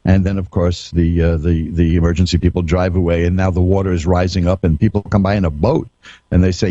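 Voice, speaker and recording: Low, husky-voiced male radio psychic. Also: level tone, brisk, warm tone, no echo, dull audio. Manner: folksy storytelling with chuckles and frequent restarts. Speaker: psychic radio host and tarot reader. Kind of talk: radio monologue, anecdotal.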